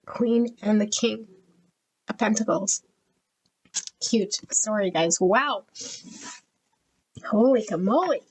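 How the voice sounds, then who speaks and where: A woman's voice: medium pitch, takes it slowly, long pauses, a little hiss or hum, rough recording. A middle-aged woman reading tarot, gushing over each card and getting emotional as she flips through a deck. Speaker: tarot reader.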